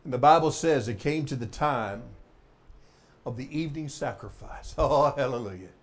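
A male preacher delivering a sermon with dramatic swings between loud exclamations and hushed emphasis. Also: mid-range voice, moderate pace.

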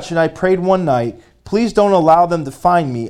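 A man preaching a sermon, reading a story aloud and pausing to speak directly to his congregation, growing fervent. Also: a little high, a little mellow, smooth.

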